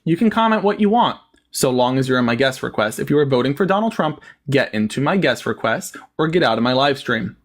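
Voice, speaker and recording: Male livestream host, sarcastic, mocking, debate style, mid pitch. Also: expressive, brisk. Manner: sarcastic, mocking, jumps between a put-on folksy drawl and plain talk. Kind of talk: live-stream political debate.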